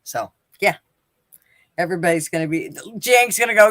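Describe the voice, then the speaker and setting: A woman's voice: on the low side, normal speed, no room sound. A woman hosting a casual live-stream chat, telling rambling stories and swearing freely. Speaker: host.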